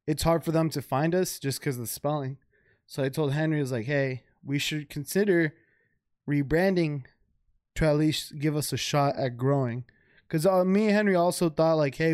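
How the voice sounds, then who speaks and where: Casual young man, higher voice. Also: a little mellow, clean tone, dry recording, clean studio sound. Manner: loose, profane, filler-heavy. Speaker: podcast co-host. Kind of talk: casual chat. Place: home.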